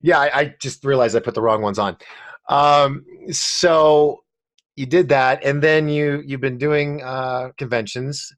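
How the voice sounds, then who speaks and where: A man's voice: mid-range voice, a little slow, no room sound. A male host with a mid-range voice, chatting casually and prompting his guest. He sounds easygoing. The sound is dry and close-miked. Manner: easygoing, brief responses. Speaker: show host. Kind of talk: casual interview chat.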